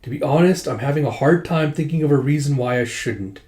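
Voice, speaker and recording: A man voicing a fierce young woman who speaks bluntly and accuses without softening. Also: on the high side, brisk, reverberant, close to an everyday voice. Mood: defiant. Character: fierce defiant young woman, daughter turned rebel.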